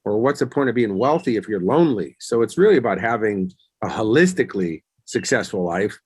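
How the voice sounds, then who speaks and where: A man in his fifties, a guest in an interview, telling stories and acting out other people's quotes in a lively way. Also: on the low side, a little fast, breathy edge, no room sound. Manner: animated storyteller acting out quotes. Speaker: guest, actor and success coach. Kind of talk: casual interview storytelling.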